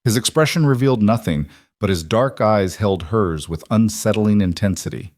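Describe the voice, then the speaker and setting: A man reading a story aloud in a measured, even way. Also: on the low side, no echo, studio quality. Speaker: narrator. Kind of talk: scripted story narration.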